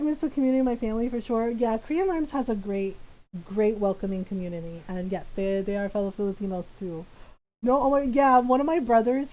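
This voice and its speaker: A woman's voice: fairly high pitch, dark tone, poor audio. A woman streamer chatting casually while gaming, rambling and laughing often. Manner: many restarts and fillers.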